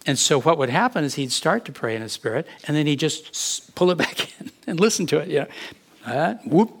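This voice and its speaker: A middle-aged man preaching as a pastor, animated, with sudden rises and many restarts. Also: a little high, fast, creaky. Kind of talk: sermon teaching.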